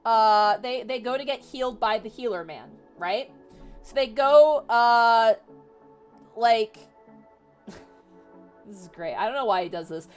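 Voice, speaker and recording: Woman streamer, casual retelling, rambling, sarcastic, profane, slightly high voice, faint music. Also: animated, slow pace, pauses often, clean tone.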